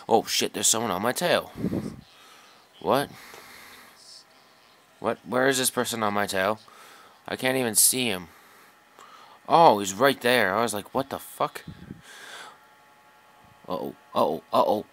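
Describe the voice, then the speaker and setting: A young man talks his way through a flight combat match in a low, unhurried voice. He grumbles and swears at lag and enemy planes, muttering half to himself. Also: fairly bright tone, dry recording. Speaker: gameplay commentator. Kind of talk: live gameplay commentary.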